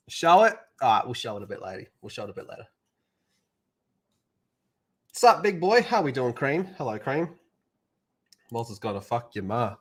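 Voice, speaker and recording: A man hosting a live stream, greeting viewers and reading out the chat with crude, rowdy jokes and loud bursts. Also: mid-range voice. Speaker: livestream host.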